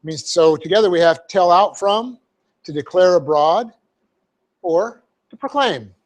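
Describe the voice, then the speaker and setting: A man's voice: sits high, expressive, unhurried. A man preaching in a church, teaching a Bible verse methodically, spelling out Greek words letter by letter and often checking in with "okay?". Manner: frequent fillers and "okay?" check-ins. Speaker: pastor. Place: church sanctuary.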